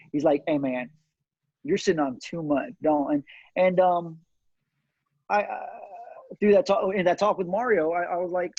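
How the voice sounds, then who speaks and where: Middle-aged male guest, earnest and halting, somewhat higher voice, dry lo-fi sound. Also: a little mellow, no echo. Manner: earnest storytelling with many fillers and restarts. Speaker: cigar company owner, guest. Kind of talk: casual interview chat. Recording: dull, dry lo-fi audio.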